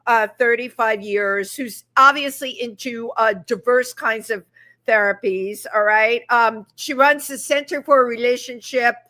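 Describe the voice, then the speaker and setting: Effusive high-voiced woman talk show host. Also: measured pace. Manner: animated, effusive storyteller. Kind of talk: live talk show chat. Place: restaurant.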